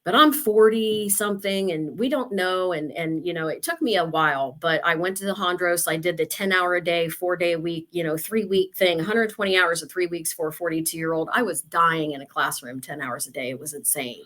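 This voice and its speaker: A woman's voice: on the low side, fairly quick, hardly any pauses, fairly bright tone. A woman in her fifties from Ohio, a real estate agent telling her story in a chatty, casual interview. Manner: chatty, storytelling with quoted asides.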